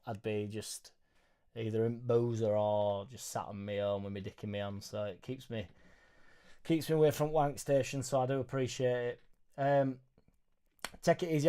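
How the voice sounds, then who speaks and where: A young man hosting a live football reaction stream, reading viewer messages in an excitable, sweary, joking way. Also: medium pitch, clean tone. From Leeds, England. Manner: excitable, sweary, banter-filled. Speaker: football fan channel host.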